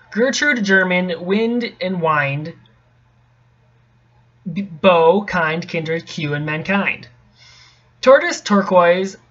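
A young man reading a tricky poem aloud in a casual, halting way, often stopping to correct himself and mutter asides. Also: sits high, a bit bright. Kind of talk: casual stumbling read-aloud. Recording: dull lo-fi home recording.

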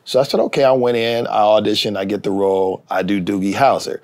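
A man's voice: lowish voice, fast. A middle-aged man, a TV writer and actor, telling a story in a casual interview, acting out the people he quotes. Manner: animated, acts out quoted voices.

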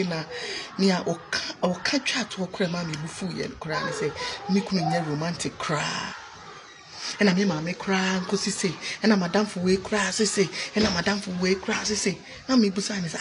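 A woman's voice: on the low side, normal speed, noisy background. Scolding Ghanaian woman lecturing. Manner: scolding, preachy, repeats phrases for emphasis. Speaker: vlogger giving marriage advice. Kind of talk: opinionated monologue.

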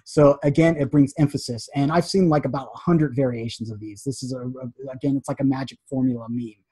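A man teaching a casual graphic design lesson, chatty and animated, acting out little quotes as he explains. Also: mid-range voice, a little fast, husky, dry recording.

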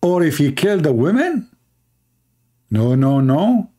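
A man's voice: on the high side, very animated, unhurried, pauses often, warm tone. A man in a live-streamed religious debate, mocking and sarcastic, who laughs at his own jabs, reads passages aloud and acts out the voices he quotes, speaking English with non-native grammar. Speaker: online debater.

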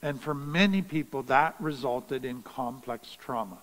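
A man giving a talk on parenting and trauma in a slow, deliberate, earnest way, stressing key phrases. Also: medium pitch, fairly bright tone, long reverb tail, rough recording. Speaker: trauma educator. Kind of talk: teaching talk.

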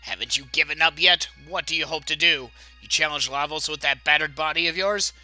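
A haughty, cruel queen , as a man reading a game's dialogue puts her on, speaks with imperious scorn. The voice sits a little high and has a very bright, forceful edge, with faint game music behind. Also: fairly quick, poor audio. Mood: imperious, scornful.

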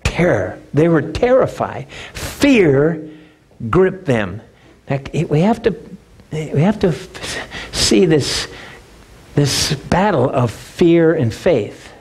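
A male pastor preaches a sermon, retelling a story with emphatic repeats and sudden turns. His voice sits high and swings widely, and he takes his time, leaning on words. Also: big pitch swings, drawn-out words, a little mellow, breathy edge.

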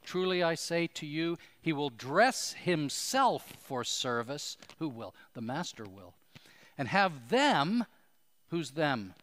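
A man's voice: a little high, sing-song, slow, fairly bright tone, long reverb tail. A man preaching a sermon as pastor, earnest and pleading, asking his listeners questions.

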